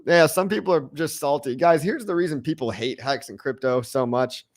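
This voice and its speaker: A man hosting a crypto livestream, talking casually to his chat in an excitable, brash way, mocking critics and repeating his lines for emphasis. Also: fairly high pitch, moderate pace, dry recording, clean studio sound. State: out of breath. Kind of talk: live-stream chat reacting to viewers.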